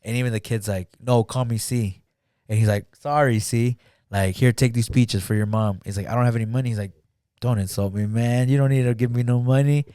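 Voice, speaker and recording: A man's voice: mid-range voice, fairly even intonation, brisk, dark tone, clean tone, no echo, studio quality. Laid-back man retelling a movie. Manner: rambling, heavy use of "like", acts out quotes. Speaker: podcast guest. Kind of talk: casual chat retelling a film.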